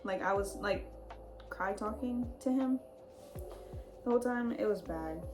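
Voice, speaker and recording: A woman's voice: mid-range voice, measured pace. A young woman and new mother casually telling her labor story in a chatty way, full of "like" and easy laughs. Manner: chatty, lots of "like", laughs easily. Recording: background music under voice. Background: music.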